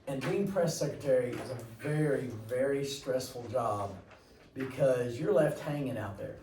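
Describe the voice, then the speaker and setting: A man's voice: mid-range voice, moderate pace, mellow, reverberant, distant mic, slight background noise, rough recording. A man teaching a class, chatty and rambling, with jokey asides to his students. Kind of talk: classroom lecture.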